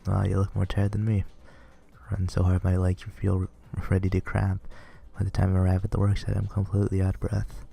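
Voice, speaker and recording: A man's voice: deep voice, completely flat delivery, fairly quick, vocal fry, mellow, husky. A man reading a visual novel aloud in an earnest, plain manner, with small stumbles. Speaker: reader playing a visual novel.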